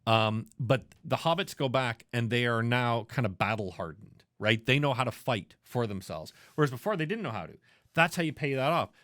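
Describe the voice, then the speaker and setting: A man co-hosting a movie podcast, retelling scenes with lots of swearing and little acted bits. His pitch swings widely as he talks. The sound is dry and close, with no room echo. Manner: animated, profane, acts out scenes in quick voices. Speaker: podcast co-host. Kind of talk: casual movie review chat.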